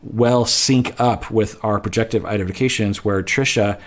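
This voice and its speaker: A man with a somewhat low voice talking as a therapist on a podcast. He explains at an even, measured pace and often stops to rephrase himself mid-sentence. He sounds like he is thinking aloud.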